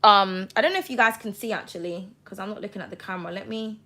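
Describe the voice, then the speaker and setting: A woman's voice: medium pitch, fast talker, sharp tone, a little hiss or hum. A woman giving a tarot reading to camera, talking passionately and bluntly, with frequent swearing. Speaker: tarot reader.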